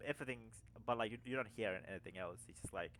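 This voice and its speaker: A young man narrating a tabletop game as game master, halting with many fillers and restarts. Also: on the low side, a bit bright.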